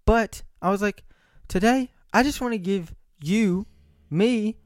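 A man's voice: high-pitched, slow, no room sound, studio quality. A man talking to camera in a rambling, profane monologue, checking in with frequent "right?" asides. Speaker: vlogger.

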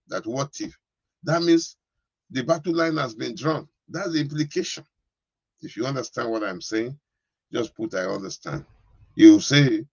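A man's voice: mid-range voice, expressive, moderate pace, gravelly, breathy edge, dry recording, lo-fi sound. A man preaching a sermon as pastor, giving commands to the congregation and breaking into speaking in tongues.

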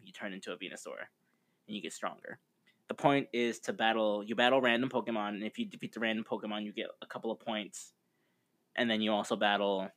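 A man with a fairly low voice chats on a podcast in a loose, rambling way. He talks easygoingly and fills pauses with "like" and "um.". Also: fairly bright tone. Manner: rambling, laid-back, with frequent fillers. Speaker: podcast co-host. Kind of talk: casual chat.

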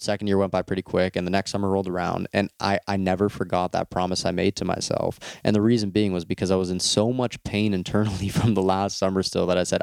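A man with a deep, gravelly voice recounts a personal story in a candid, unpolished way. He swears freely and breaks into little laughs mid-sentence. The sound is close and dry. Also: no echo.

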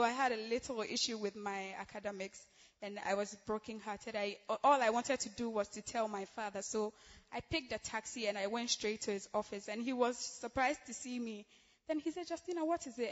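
A woman's voice: on the high side, fairly even intonation, normal speed. A young woman, giving a chatty, giggly church testimony full of fillers, in a large church hall. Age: young adult. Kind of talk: emotional spoken testimony. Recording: reverberant hall, dull sound.

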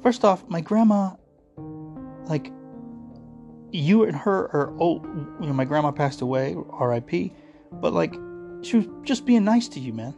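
A man's voice: fairly high pitch, animated, a little slow, pauses often, darkish tone, lo-fi sound, faint music behind. A man from the United States in a casual ranting monologue, profane, sarcastic and combative.

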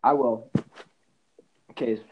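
A man's voice: mid-range voice, steady tone, narrow, tinny audio, noisy background. A man co-hosting a casual comedy podcast, quizzing his co-host with stammering restarts. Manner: quizzing, stammering, quick to laugh.

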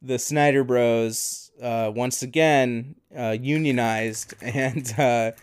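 A man co-hosting a casual podcast talk, his voice smooth and resonant. He rambles loosely with plenty of fillers and breaks into laughter often. The sound is dry and close, with no room around it. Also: mid-range voice, steady tone, takes it slowly, no echo. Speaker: podcast co-host. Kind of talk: casual chat.

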